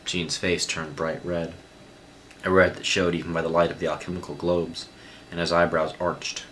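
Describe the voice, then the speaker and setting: A man reading a novel aloud as narrator in a slow, steady manner. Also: low-pitched, slight background noise, poor audio. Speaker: audiobook reader. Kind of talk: scripted narration.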